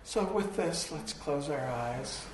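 A hoarse man giving a slow, reflective dharma talk to a group, pausing as he thinks. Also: on the high side, expressive. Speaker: meditation teacher. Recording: echoey hall from far off, faint noise.

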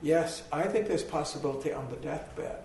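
A hoarse man giving a slow, reflective dharma talk to a group, pausing as he thinks. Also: fairly high pitch, a little mellow. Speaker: meditation teacher. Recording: echoey hall from far off, faint noise.

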